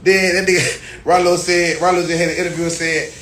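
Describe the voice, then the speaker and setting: Man ranting loudly in an echoey room. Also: high-pitched, a little fast. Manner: loud, animated storytelling full of cursing. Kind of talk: profane rant. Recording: echoey room, distant mic, faint noise.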